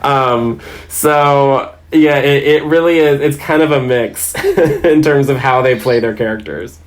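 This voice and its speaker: Guy dm rambling through game stories, amused at himself, middle pitch. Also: measured pace. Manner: rambling, self-amused storytelling. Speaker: podcast guest, dungeon master. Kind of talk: casual chat.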